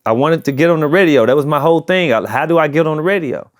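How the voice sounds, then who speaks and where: A man's voice: on the high side, fast, no echo, clean studio sound. Laid-back St. Louis man. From St. Louis, USA. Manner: laid-back, repeats phrases for emphasis. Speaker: rapper, interview guest. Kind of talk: casual interview talk.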